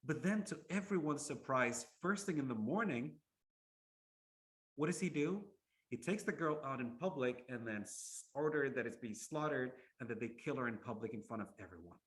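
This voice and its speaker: A man's voice: medium pitch, animated, normal speed. A man giving an Islamic lecture as a storytelling tale, posing rhetorical questions and often repeating words as he goes.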